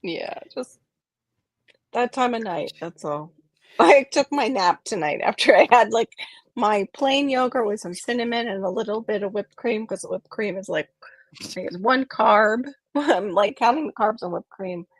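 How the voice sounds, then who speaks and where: A woman's voice: mid-range voice, lively intonation, unhurried, no room sound. A woman hosting a gardening livestream, chatting casually and giggling with friends from home. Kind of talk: casual chat.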